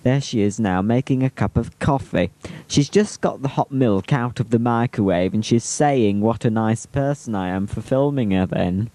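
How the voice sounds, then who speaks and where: A man's voice: medium pitch, moderate pace, mellow, no room sound. A man giving a cheeky, teasing humorous voice-over on old home videos. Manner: cheeky, teasing, chuckling asides.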